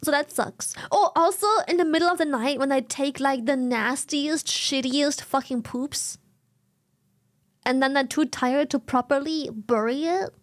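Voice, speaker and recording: Giggly high-voiced woman streamer. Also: measured pace. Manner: giggly, rambling, sweary. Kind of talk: casual chat.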